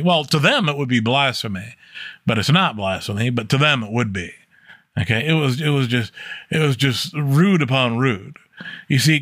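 A man's voice: medium pitch, a bit bright, dry recording, clean studio sound. Plainspoken man leading a Bible study. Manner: plainspoken, repeats "okay?" to check listeners follow; reads scripture aloud with rising emphasis. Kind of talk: informal Bible study teaching.

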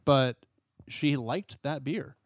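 A man co-hosting a casual podcast, relaxed and rambling, often filling with "like". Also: mid-range voice, takes it slowly, no echo, clean studio sound. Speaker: podcast co-host. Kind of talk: casual chat.

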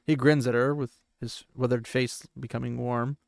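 A man's voice: mid-range voice, little pitch movement, moderate pace, vocal fry, no room sound, clean studio sound. Casual male podcaster recapping a book. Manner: rambling, conversational, with filler words. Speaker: podcast host.

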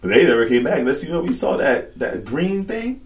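A man's voice: a little high, sing-song, a little fast, far from the mic. A man co-hosting a podcast in casual chat, laughing often and acting out voices as he tells stories. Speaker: podcast co-host.

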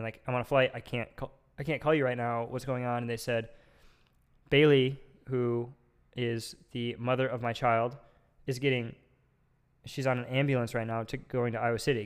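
A young man with a smooth, clear voice tells a long personal story on a casual podcast. He rambles, stacks up filler words and pushes ahead with animated energy. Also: medium pitch. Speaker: podcast host.

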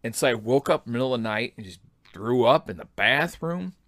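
A man's voice: medium pitch, expressive, fairly quick, a bit bright, no echo, studio quality. A man in his thirties telling personal army stories in a laid-back, self-deprecating, rambling way. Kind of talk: personal storytelling.

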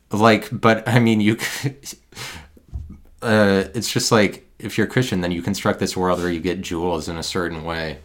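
A man from the American Midwest giving a rambling, digressive solo monologue into a handheld recorder, halting and sardonic by turns. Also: deep voice.

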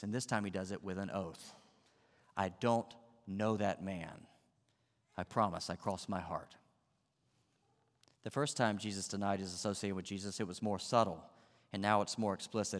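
Pastor, man; dramatic sermon delivery, low-pitched, recorded in a reverberant sanctuary. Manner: dramatic, acts out the voices of the story.

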